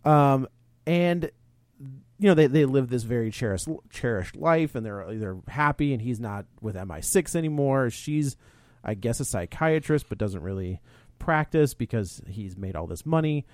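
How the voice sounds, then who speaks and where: A man's voice: medium pitch, animated, normal speed, a little mellow, no echo. Male co-host, loose rambling plot recap, dead-dry close sound. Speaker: podcast co-host. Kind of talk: casual movie review chat.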